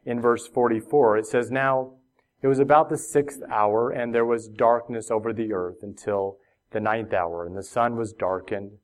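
A man's voice: medium pitch, steady tone, normal speed. Man preaching a casual sermon. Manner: conversational, repeats words, asks the room questions. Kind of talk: sermon with scripture reading.

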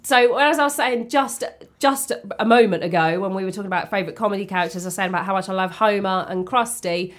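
A woman's voice: mid-range voice, fast, hardly any pauses. A woman in a casual podcast chat, talking bluntly with many ums and restarts. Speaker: podcast co-host.

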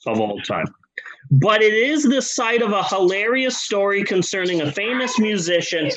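Slightly high-voiced man telling a comedy story. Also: big pitch swings, fairly bright tone, poor audio. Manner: profane, jokey, quick asides and restarts. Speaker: podcast host and storyteller.

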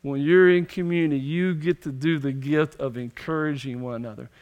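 High-voiced preacher man. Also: fairly even intonation, fairly quick, a little mellow. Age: young adult. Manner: emphatic preaching with repeated phrases. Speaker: pastor. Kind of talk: sermon.

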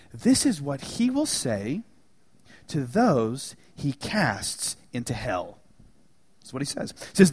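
Lively high-voiced male preacher, echoing hall. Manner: dramatic shifts between loud rhetorical questions and hushed emphasis. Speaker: pastor. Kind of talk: sermon.

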